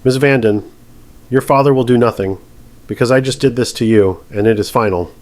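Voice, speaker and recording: A stern, unshakable judge, as a male narrator plays him, handing down words calm and precise. His low voice stays measured and final throughout. It belongs to a dramatized courtroom story. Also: no echo, lightly acted. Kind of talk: scripted narration.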